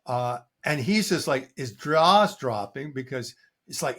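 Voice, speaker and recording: An older man, a coach being interviewed, telling stories in a lively way and acting out what his clients say. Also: on the high side, measured pace. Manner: animated storytelling, acting out quoted clients. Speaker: coach and guest. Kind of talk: conversational interview answer.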